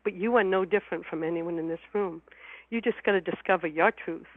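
A woman's voice: fairly low pitch, brisk, no echo. A woman guest telling a personal story in an interview, heartfelt and emotional, often repeating her words. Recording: phone line.

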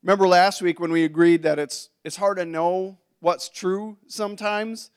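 A man's voice: sits high, steady tone, normal speed, clean tone. A man preaching a conversational sermon to a congregation, with asides and restarts. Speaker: pastor.

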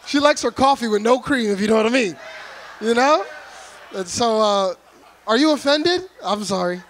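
Brief: high-pitched male preacher from Florida, energetic, comic, loud delivery to a church crowd. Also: normal speed, slight background noise. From Orlando, Florida, USA. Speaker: guest preacher. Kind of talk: humorous sermon to a congregation. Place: church before a live congregation.

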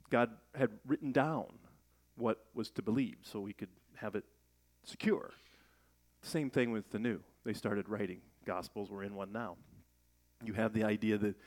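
A middle-aged pastor with a mid-range, slightly mellow voice preaches a sermon in a conversational manner. He poses rhetorical questions and raises his voice to stress key moments.

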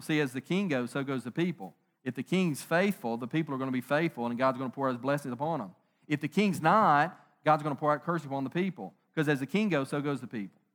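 A middle-aged man preaching a conversational sermon, animated, joking and asking rhetorical questions. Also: mid-range voice. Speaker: pastor.

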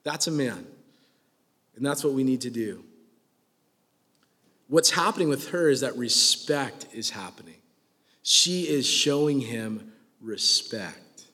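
A young man in his twenties preaches with a casual, joking delivery, teasing his listeners as he goes. His voice sits at an ordinary middle pitch. It rings with a long reverb, as in a large hall. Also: takes it slowly, long pauses. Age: 20s. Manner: joking, conversational preaching with rising excitement. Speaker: pastor. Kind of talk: sermon.

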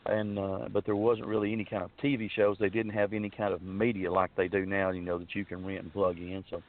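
A man with a low voice and flat delivery talks quickly as a guest, earnestly recounting a long personal story. It rambles casually with many fillers and restarts, and the phone line is tinny.

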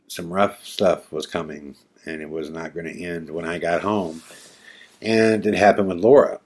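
Deep-voiced male storyteller, rambling and emphatic, casual podcast delivery. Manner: rambling, emphatic, many fillers and restarts. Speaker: podcast guest telling paranormal stories.

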